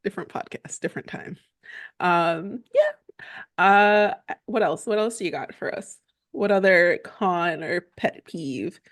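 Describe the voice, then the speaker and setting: Chatting casually on a family podcast she co-hosts, this woman speaks slowly in a low-leaning voice, with lots of fillers and easy laughter. The studio sound is clean, with no room sound.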